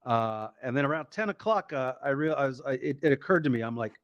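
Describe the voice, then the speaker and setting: A man doing stand-up comedy, telling a story in a lively, profane way and acting out the voices of the people in it. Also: mid-range voice, quick pace, dry recording, lo-fi sound. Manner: animated, profane, acts out quoted voices.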